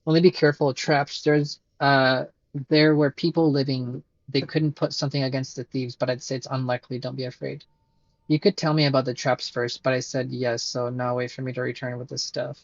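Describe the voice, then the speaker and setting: A man's voice: medium pitch, little pitch movement, brisk, creaky, no room sound, highs cut off, lightly acted. A man reading lines for a tired male settler who asks for supplies, in his own plain voice. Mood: coaxing.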